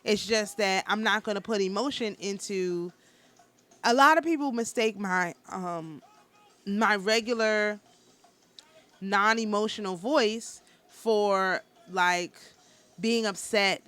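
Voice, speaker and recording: A woman's voice: medium pitch, slow pace. Nonchalant woman giving a spiritual talk. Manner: calm, nonchalant and matter-of-fact, with a passionate undertone; rambling, with frequent restarts. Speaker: spiritual teacher and tarot reader.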